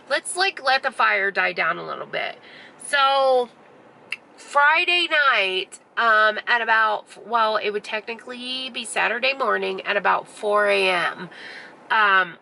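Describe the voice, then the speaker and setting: A woman's voice: fairly high pitch, vocal fry, pushed and bright, rough recording. A young woman vlogger telling a rambling story in casual chat, swearing freely and filling her speech with "like". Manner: chatty, profane, full of "like" fillers. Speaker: beauty vlogger.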